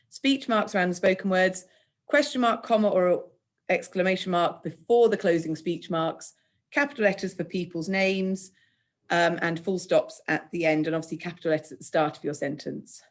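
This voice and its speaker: A woman with an English accent teaching children in a recorded remote lesson, speaking clearly, patiently and encouragingly. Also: lowish voice, moderate pace. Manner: clear, patient, encouraging, acts out example speech lines. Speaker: primary school teacher.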